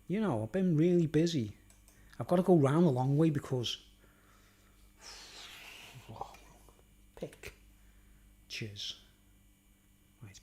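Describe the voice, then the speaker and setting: A man's voice: on the high side, darkish tone, husky. A man rambling casually to camera in a vlog, swearing and filling his talk with "like" and "you know". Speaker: YouTuber.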